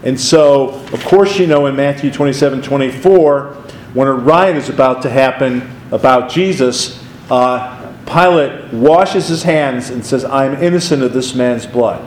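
Male pastor, conversational Bible teacher, animated storyteller, echoey room. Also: mid-range voice, unhurried, slight background noise.

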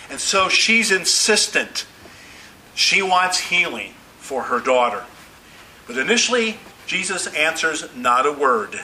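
A man's voice: fairly high pitch, pushed and bright, a little hiss or hum, poor audio. A man preaching a sermon as pastor, earnest and emphatic, lifting his voice on quoted pleas.

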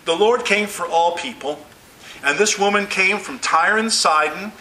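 A man's voice: high-pitched, measured pace, pushed and bright, slight background noise, poor audio. A man preaching a sermon as pastor, earnest and emphatic, lifting his voice on quoted pleas.

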